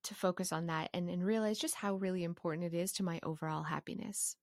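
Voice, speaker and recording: A woman from Canada who runs a course for professional organizers, talking through her life rules in a passionate, animated way with quick asides. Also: fairly low pitch, dry recording, clean studio sound. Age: adult with a young son. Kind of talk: casual advice monologue.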